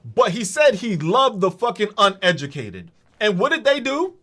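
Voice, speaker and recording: High-voiced mocking man ranting. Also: big pitch swings, normal speed, fairly bright tone. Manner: profane, mocking, heated. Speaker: podcast host. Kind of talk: ranting political monologue.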